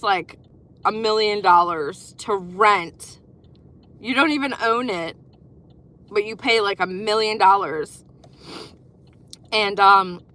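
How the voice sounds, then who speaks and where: A woman's voice: medium pitch, pushed and bright. A woman who used to be an EMT, telling stories in a rambling casual way with many fillers while in a car on the road. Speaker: former EMT vlogger. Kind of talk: casual storytelling. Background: car road noise.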